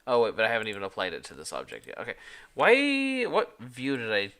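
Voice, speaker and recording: A man thinks aloud on a casual live stream, rambling and correcting himself as he goes. His pitch swings widely, and his voice is bright and clear. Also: huge pitch swings, fairly quick. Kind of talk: casual live-stream chat while working in 3D software.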